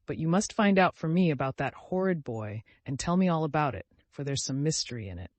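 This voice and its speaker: A man reading an audiobook, voicing a sickly, capricious teenage girl who gives commands in a quick, high-strung way. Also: expressive, no room sound, natural voice. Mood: imperious.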